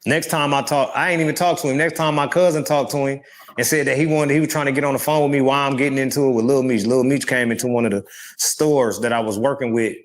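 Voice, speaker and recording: A man's voice: medium pitch, steady tone, fast. A man guest in an interview, rambling through a story in loose street slang. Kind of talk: casual storytelling.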